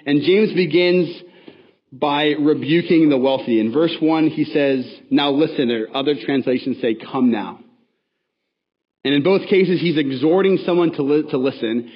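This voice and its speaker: A man's voice: medium pitch, highs cut off. A man preaching a sermon as pastor, in a conversational, casual manner with frequent self-corrections and asides.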